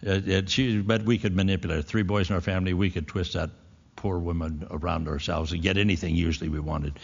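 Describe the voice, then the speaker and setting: A man's voice: deep voice, fairly even intonation, fast talker, gravelly, slightly rough. A man preaching a sermon, folksy and storytelling, swinging into emphatic passages. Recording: dull echoey hall recording.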